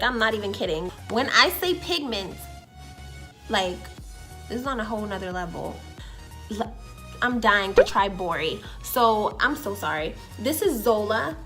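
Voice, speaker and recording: Bright, gushing woman beauty vlogger. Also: on the high side. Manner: excitable and gushing, casual swearing and slang; drops to an awed whisper over colors. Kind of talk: makeup first-impression vlog.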